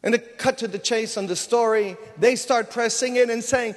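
A man with a high voice preaches in a casual storytelling manner, slipping into the voices of the people he describes. He is in a large church hall, and his voice rings with a long reverb. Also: steady tone, normal speed, hardly any pauses. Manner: conversational storytelling, acts out dialogue. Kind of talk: sermon.

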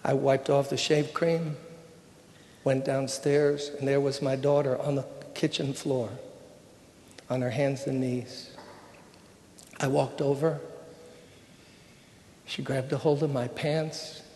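Older guy preacher, mid-pitched voice, tells his story all heartfelt and chatty, big echoey church. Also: flat delivery, slow pace, long pauses, a little hiss or hum. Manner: emotional, conversational storytelling with hushed moments. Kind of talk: sermon with personal testimony. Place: church sanctuary.

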